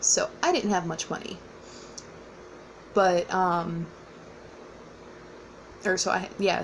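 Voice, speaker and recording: A young woman talks casually through a personal story at a middle pitch. She rambles, fills gaps with ums and likes, and laughs easily as she goes. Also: a little hiss or hum, low-quality recording. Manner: chatty, rambling, with fillers and frequent laughs. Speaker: vlogger.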